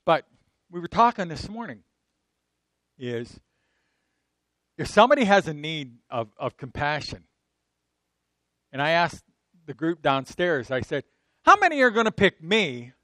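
A middle-aged man preaching a sermon in a conversational way, swinging from loud emphatic bursts to soft asides and asking his listeners frequent rhetorical questions. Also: on the high side, normal speed, long pauses, dry recording. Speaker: pastor.

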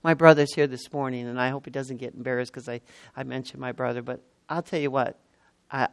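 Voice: mid-range voice, fairly even intonation, fairly quick, no echo. Sixties preacher giving a sermon, leans hard on words and says them twice, dry close sound. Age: 60s. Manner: emphatic, repeats key words, exclaims.

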